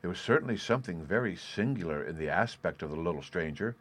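Low-voiced man reading a story. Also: expressive, fast talker. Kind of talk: storybook narration.

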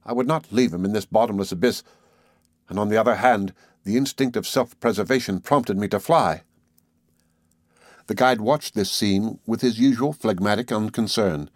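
A man reading a classic novel aloud as audiobook narration, in a measured, even delivery. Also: lowish voice, no room sound, studio quality. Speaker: audiobook reader. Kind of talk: scripted narration.

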